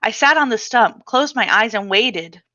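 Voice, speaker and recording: Casting: a woman author reading her memoir aloud with a bright, crisp voice, expressive and dramatic, on a slightly dull recording. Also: fairly high pitch, normal speed, no echo.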